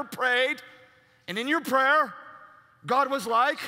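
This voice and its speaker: Forceful, bright-voiced male preacher. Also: very high voice, expressive, slow pace, pauses often. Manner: emphatic, acts out quoted voices. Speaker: pastor. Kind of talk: sermon. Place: large church. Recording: long reverb in a large church.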